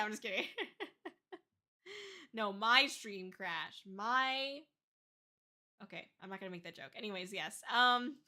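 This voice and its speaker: A woman's voice: medium pitch, pushed and bright. A young woman chatting on a livestream as a VTuber, laughing often and swearing casually. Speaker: VTuber streamer.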